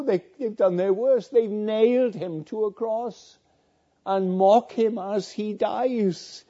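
Guy preaching real slow, deep dark mellow tone, kinda muffled lo-fi recording. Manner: slow, deliberate preaching with repeated phrases and quoted scripture. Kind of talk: sermon. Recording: dull lo-fi recording.

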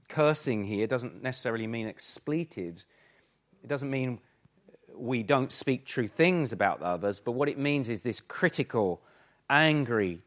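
A man preaching a sermon, emphatic, full of rhetorical questions, swinging between forceful and hushed. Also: mid-range voice. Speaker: pastor.

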